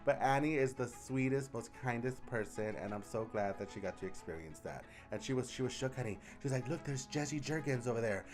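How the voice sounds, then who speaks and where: A young adult man, a drag queen vlogger, telling stories in a sassy, animated way and often squealing into high voices for quotes. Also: brisk, few pauses, music in the background. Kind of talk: casual chatty vlog storytelling.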